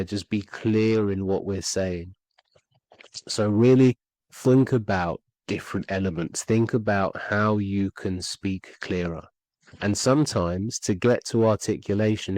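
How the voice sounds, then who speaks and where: Man coaching speaking skills, low and dry. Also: darkish tone, no echo, rough recording. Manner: earnest, repeats points for emphasis. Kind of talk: instructional podcast talk.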